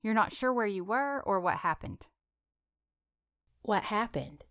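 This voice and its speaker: A woman voicing an excitable, caring young woman friend who talks emphatically, in a storybook reading. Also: medium pitch, unhurried, dry recording, clean studio sound.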